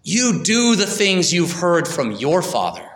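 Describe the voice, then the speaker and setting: A man voicing a calm, grave teacher. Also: high-pitched, measured pace, exaggerated voice. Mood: solemn. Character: calm, firm male teacher speaking with authority. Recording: echoey hall with long reverb.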